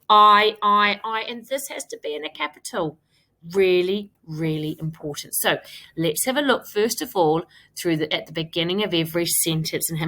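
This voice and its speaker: A woman's voice: medium pitch, a bit bright. A woman teaching a recorded primary school lesson, encouraging and stressing key words with frequent repetition. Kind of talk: recorded remote lesson for children.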